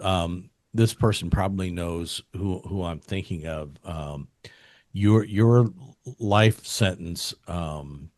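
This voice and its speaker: A man hosting an interview show, speaking earnestly and haltingly, with affirming replies. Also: deep voice, darkish tone, no echo, clean studio sound. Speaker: podcast host. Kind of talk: casual interview chat.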